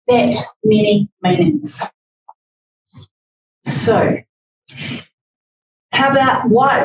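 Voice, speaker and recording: Brief: woman, higher voice, slow-paced speaking coach, echoey room, mic far off. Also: darkish tone, a little hiss or hum. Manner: slow, deliberate, demonstrative delivery. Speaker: public speaking presenter. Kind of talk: workshop presentation. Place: library meeting room. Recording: echoey, distant, dull audio.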